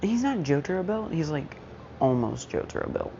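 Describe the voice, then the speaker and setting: A woman's voice: deep voice, normal speed. A woman casually telling a fan story, slangy and self-mocking, often losing her train of thought. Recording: muffled lo-fi mic, steady background noise.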